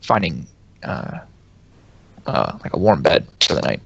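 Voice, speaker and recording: A man playing in a tabletop game, hesitant and halting, with lots of fillers. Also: very deep voice, very animated, creaky, breathy edge, no echo, dull audio. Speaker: player. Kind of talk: casual tabletop play.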